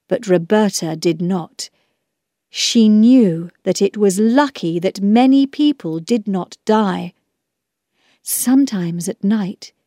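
Slow, expressive woman reading a storybook. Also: mid-range voice, no room sound, clean studio sound. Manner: clear, measured, expressive. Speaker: narrator.

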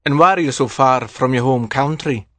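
A man's voice: mid-range voice, normal speed, fairly bright tone, dry recording, pitched above the performer's own voice, lightly acted. A man reading aloud and voicing a proud nobleman who is shot and dying, in a raised, strained voice. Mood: suspicious. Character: dying Scottish nobleman, proud then weak.

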